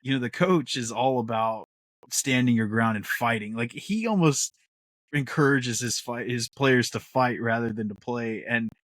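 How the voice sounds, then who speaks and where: A man hosting a podcast in casual chat, animated, laughing often and acting out quotes. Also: mid-range voice, moderate pace, dry recording, studio quality. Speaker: podcast host.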